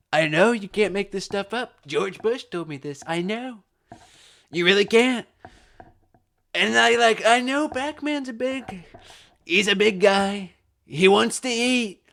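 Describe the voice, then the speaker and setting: A man's voice: sits high, a bit bright. A young man doing a boastful rambling politician. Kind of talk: comedic impression.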